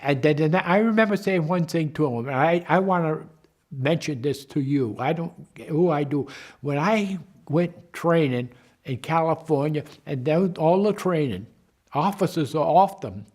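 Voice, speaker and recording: A war veteran in his nineties recalls his memories to the camera, speaking haltingly and often repeating or restarting his words. His voice is on the high side and animated, with a darkish tone.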